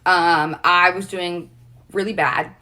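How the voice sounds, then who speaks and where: A woman's voice: on the low side, fairly even intonation, slow pace, bright, forceful tone. A young woman livestreaming, telling an emotional personal story in a rambling way, saying "like" constantly. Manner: rambling, heavy use of "like".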